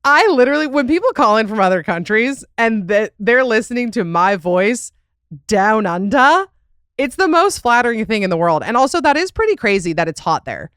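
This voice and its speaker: A woman's voice: a little high, sing-song, moderate pace, a bit bright, clear, resonant tone, no echo, clean studio sound. A young adult woman hosting a podcast in casual chat, rambling and laughing with plenty of fillers. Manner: chatty, rambling, lots of "like" and laughs. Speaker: podcast host.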